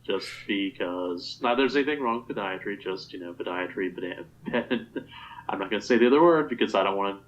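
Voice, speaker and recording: A man on a casual podcast with a very animated, sing-song pitch, cracking jokes and throwing in showman-style flourishes. The audio sounds a little tinny and dull. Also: brisk. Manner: joking, mock-announcer flourishes. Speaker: podcast co-host and editor. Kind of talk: casual chat.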